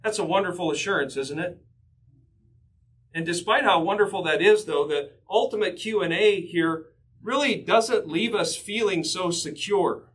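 A man's voice: high-pitched, normal speed, a bit bright, poor audio. A man preaching a sermon, earnestly teaching from scripture and stressing his points with repetition. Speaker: pastor.

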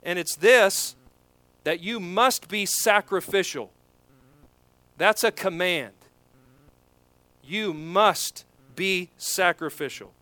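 A man preaching an expository sermon, emphatic, swelling louder on key points. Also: sits high, takes it slowly, pauses often, dry recording. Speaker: pastor.

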